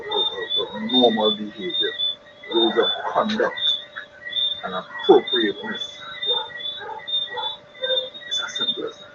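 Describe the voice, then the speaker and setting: A man speaks to parents in a live stream, earnest and insistent. He hammers his points home by repeating them. The stream sounds muffled and lo-fi, with heavy noise underneath. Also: mid-range voice. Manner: earnest, repetitive emphasis. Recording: dull lo-fi stream with loud noise.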